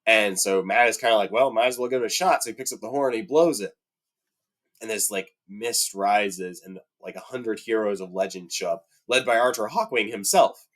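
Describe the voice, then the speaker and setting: Fired-up man ranting, pitch rising. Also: normal speed, a bit bright. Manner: heated, rising to high-pitched indignation, many fillers. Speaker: book fan commentator. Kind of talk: casual rant about a TV adaptation.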